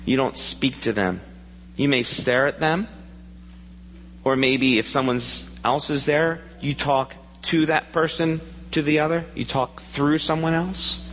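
A man's voice: a little high, steady tone, a little slow, fairly bright tone, big-room sound, slight background noise, low-quality recording. A man preaching a sermon in a church, earnest and asking the congregation questions. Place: church sanctuary.

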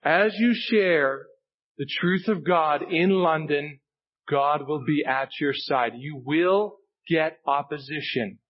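A man's voice: on the high side, slow, dull audio. A male pastor preaching a sermon, earnest and emphatic, repeating key phrases for weight. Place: church sanctuary.

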